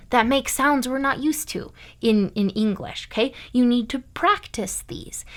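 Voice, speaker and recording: A young American woman from Iowa teaching a German lesson online, emphatic and often checking in with "okay?" and "right?". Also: on the high side. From United States (Iowa).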